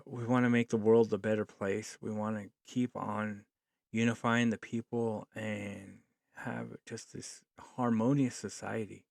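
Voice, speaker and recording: Male podcast host, gravelly, close and dry; earnest, rambling solo commentary. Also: on the low side, no echo. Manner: earnest, rambling with frequent fillers.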